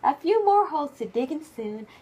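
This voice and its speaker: A woman who speaks Japanese natively, reading a picture book aloud to her child at home at bedtime, expressive and hushed at times. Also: high voice, moderate pace, dull audio, slight background noise. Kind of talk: bedtime story read-aloud.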